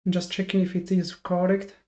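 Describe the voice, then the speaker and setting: Over dull lo-fi sound, a day trader streams live and speaks to his chat, thinking out loud, restarting often, and sounding frustrated and hard on himself. His high-pitched, mellow voice is completely flat and fairly quick.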